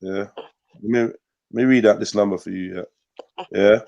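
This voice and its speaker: Joking host. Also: male voice, fairly low pitch, steady tone, moderate pace, vocal fry, a little mellow, dull audio. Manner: joking, repeats words, London slang. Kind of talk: casual live show chat.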